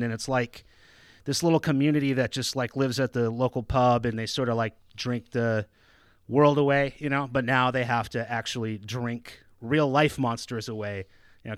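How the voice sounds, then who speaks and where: A man co-hosting a podcast, chatting casually about a horror movie, relaxed and rambling. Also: medium pitch, smooth, no room sound, clean studio sound. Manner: relaxed, rambling, laughs often. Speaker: podcast co-host. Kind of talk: casual movie review chat.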